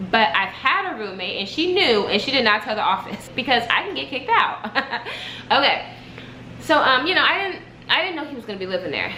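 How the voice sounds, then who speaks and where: A young woman vlogger telling a story casually, with animated, dramatic delivery. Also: mid-range voice, roomy sound, a little hiss or hum, poor audio.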